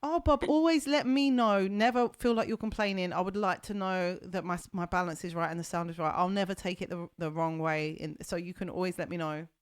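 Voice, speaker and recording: A woman's voice: fairly low pitch, fairly even intonation, brisk, hardly any pauses, clear, resonant tone, no echo. Woman, casual streamer host, chatty and giggly, dry close-mic sound. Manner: chatty, laughs often, fiddles with audio settings. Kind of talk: casual chat. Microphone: desk mic.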